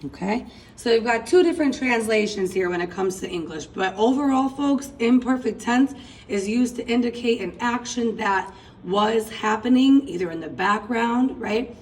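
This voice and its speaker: A woman's voice: on the high side, moderate pace, a little mellow, husky, low-quality recording. A woman teaching a recorded class lesson, chanting verb endings aloud and addressing her students as folks. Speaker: Spanish teacher.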